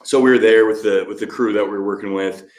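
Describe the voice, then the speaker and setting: A fitness show host talks fast in a lowish voice with fairly even intonation, streaming live from an echoey home workout space. He chats in a casual, cheerful way, calling out viewers by name and reading their comments.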